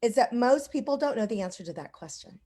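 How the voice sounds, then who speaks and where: A woman's voice: fairly high pitch, lively intonation, fast, dark tone, slightly rough. A woman hosting a casual online conversation, telling stories in a rambling way with lots of "like" and "you know".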